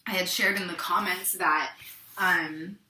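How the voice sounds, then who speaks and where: Her fairly low voice measured and fairly even, a young adult vlogger from the Pacific Northwest shares candid reflections with her viewers in an echoey room. She rambles, restarts often, and slips in soft asides.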